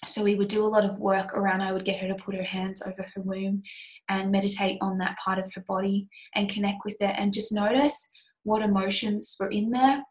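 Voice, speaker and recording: A woman healing coach teaching an online course, talking through a client's story in a soft, earnest way with many pauses and restarts. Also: medium pitch, level tone, poor audio. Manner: soft, earnest, rambling with frequent fillers and restarts.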